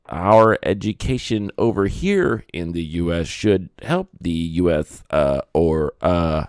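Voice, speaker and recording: A man's voice: lowish voice, a little mellow, no room sound, clean studio sound. A man reading as a rambling young pageant contestant. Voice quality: slow, halting, rambling delivery.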